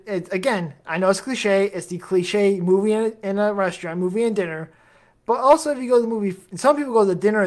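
Chatty man hosting a solo podcast. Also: sits high. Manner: rambling, jokey, self-deprecating asides; chatty, addresses listeners directly. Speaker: podcast host.

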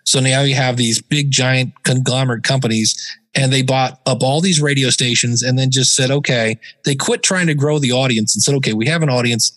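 A man as a podcast guest, telling stories in a casual, animated way and sometimes mimicking other voices. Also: medium pitch, fairly quick. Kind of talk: casual interview talk.

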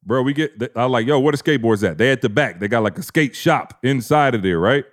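A man's voice: medium pitch, expressive, quick pace. A man in his thirties, a podcast co-host, telling a family story in casual slang and acting out the quotes.

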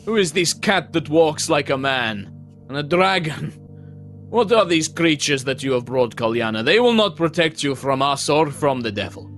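A man's voice: fairly high pitch, lively intonation, moderate pace, fairly bright tone, faint music behind, pitched above the performer's own voice. A man voicing a well-dressed middle-aged village man who urgently demands that a girl be handed over. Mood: accusing. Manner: urgent, demanding, raised pleading voice.

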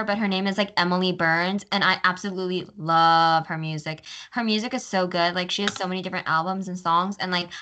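A woman's voice: medium pitch, sharp tone. A young woman co-hosting a podcast in casual chat, giggly and bubbly, with lots of "like" fillers. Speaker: podcast co-host.

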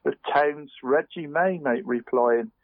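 A man on the radio giving a casual run-through of local football results, halting and restarting, saying "mate" at nearly every turn. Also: on the high side, dry recording. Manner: chatty, says "mate" constantly, halting restarts. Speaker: radio sports presenter. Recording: phone-line quality radio audio.

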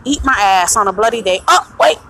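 A woman venting in a blunt, profane, casual monologue, breaking into loud laughs. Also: mid-range voice, animated, a little fast, a little hiss or hum, low-quality recording.

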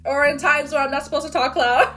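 Loud, upbeat high-voiced woman. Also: fairly even intonation, fairly quick. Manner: loud, outgoing, upbeat and encouraging. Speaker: podcast host. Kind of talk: motivational podcast monologue.

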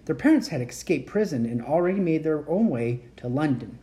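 A woman reading aloud, voicing a gentle, tired young enchantress who speaks calmly and softly while caring for hidden children. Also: sits low, a little fast. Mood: calm, worried. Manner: calm, soft-spoken.

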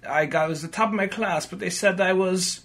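A man voicing a calm, prim German villain doctor with a put-on German accent, speaking softly and slowly. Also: high-pitched, pitched above the performer's own voice. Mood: smug.

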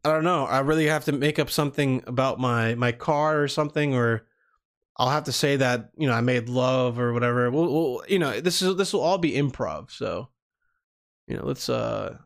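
A man hosting a podcast, talking casually, crude and excitable, stammering at times. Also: mid-range voice, normal speed, creaky. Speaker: podcast host.

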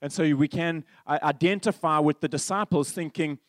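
A male pastor preaching a sermon, telling stories that swing from animated to hushed. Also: fairly high pitch, normal speed, dry recording, studio quality.

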